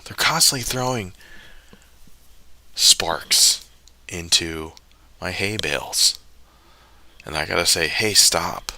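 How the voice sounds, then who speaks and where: A man's voice: deep voice, pushed and bright. A man hosting a stream, talking in a rambling, casual monologue full of jokey asides and self-corrections. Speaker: stream host.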